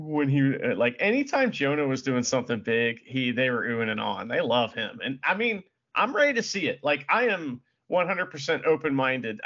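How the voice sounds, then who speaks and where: A man's voice: medium pitch, a bit bright, muffled recording. A man co-hosting a podcast, rambling with many fillers and plenty of enthusiasm. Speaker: podcast co-host. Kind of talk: casual chat.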